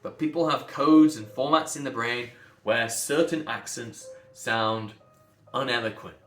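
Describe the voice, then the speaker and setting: A man's voice: mid-range voice, unhurried, a bit bright, reverberant, soft background music. A man working as a voice coach, talking in an emphatic, passionate monologue and repeating words for stress.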